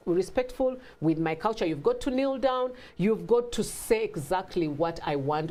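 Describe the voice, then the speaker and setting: A middle-aged Ugandan woman talks as an interview guest. She tells family stories in a lively way, with her pitch leaping when she mimics others and frequent laughter. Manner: animated, acts out family dialogue with laughter. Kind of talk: casual interview talk.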